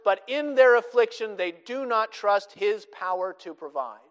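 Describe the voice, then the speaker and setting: A man's voice: high voice, animated, a little slow, smooth, long reverb tail. A man preaching a sermon, explaining scripture and quoting it with emphatic rises and drops. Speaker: pastor.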